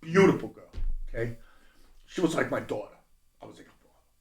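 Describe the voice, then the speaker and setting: A middle-aged man telling his life story bluntly as a podcast guest, profane and swinging from low mutters to loud bursts. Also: expressive, a little fast, creaky, soft background music. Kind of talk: candid personal storytelling. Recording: roomy echo.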